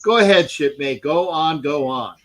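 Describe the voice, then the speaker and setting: A man hosting a casual sports talk show, loud and animated, calling people "shipmate". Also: a little high, moderate pace, poor audio. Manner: loud, animated, pirate-captain slang like "shipmate". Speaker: podcast host.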